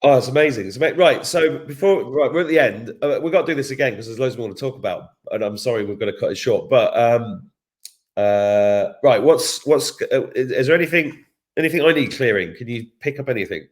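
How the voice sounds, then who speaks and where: A man's voice: medium pitch, fairly quick. Male host, mid-range voice, casual, jokey and eager, repeats himself. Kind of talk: casual chat.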